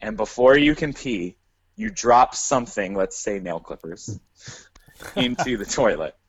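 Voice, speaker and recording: A man co-hosting a podcast, chatting in a relaxed way and setting up a hypothetical question. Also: fairly low pitch, measured pace, breathy edge, no room sound. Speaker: podcast co-host. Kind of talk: casual chat. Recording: dull, dry lo-fi sound.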